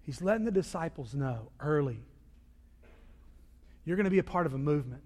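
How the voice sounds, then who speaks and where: A man preaching a sermon as a pastor, swinging from loud emphasis to quiet asides. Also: high-pitched. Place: church sanctuary. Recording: long reverb of a large hall.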